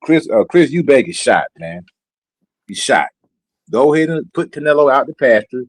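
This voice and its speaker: A man's voice: mid-range voice, sing-song, moderate pace, no echo. A man on a boxing talk panel, blunt and opinionated, ending lines with "man". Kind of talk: heated sports debate.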